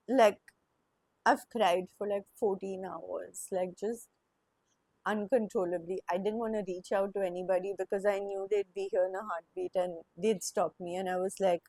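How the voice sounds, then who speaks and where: Young woman vlogger, mellow voice, dry close sound; halting, emotional confessional monologue. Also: mid-range voice, no room sound. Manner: emotional, halting, with sighs and restarts.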